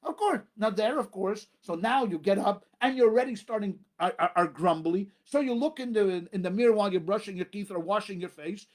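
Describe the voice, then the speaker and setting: Emphatic rabbi preaching, man. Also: high-pitched. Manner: emphatic, repetitive preaching with dramatic pauses. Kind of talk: sermon.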